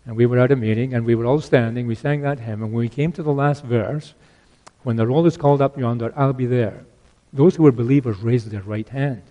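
An older man preaching a sermon, earnest, repeating key phrases and swinging between loud exhortation and hushed asides. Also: mid-range voice, brisk, dull audio.

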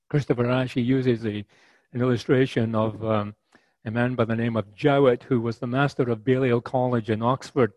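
A man preaching a sermon in a measured, conversational way, with many fillers and restarts. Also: mid-range voice, fairly even intonation, a little mellow, dry recording, low-quality recording.

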